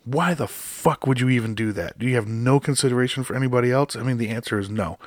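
A man's voice: mid-range voice, quick pace, dry recording, studio quality. A man hosting his own podcast, ranting about everyday annoyances with constant swearing and exasperated outbursts. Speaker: podcast host. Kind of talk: profane solo rant.

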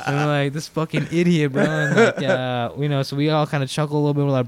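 A man's voice: fairly high pitch, fast talker, few pauses. A young man, a podcast guest, telling a story in casual talk, swearing a lot and acting out what people said. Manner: animated, heavy swearing, acts out quoted dialogue.

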